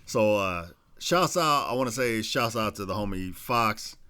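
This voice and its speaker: A man co-hosting a casual podcast, rambling through shout-outs in a laid-back, profane way. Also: fairly low pitch, animated, a little slow, clear, resonant tone. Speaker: podcast co-host. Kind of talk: casual chat.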